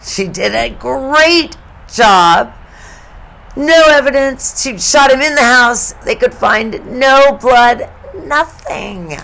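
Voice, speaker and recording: A woman's voice: sits high, expressive, takes it slowly, gravelly, a bit bright. A woman in her fifties hosting her own true crime channel, giving blunt, opinionated commentary with swearing and chuckles at grim details. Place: home studio.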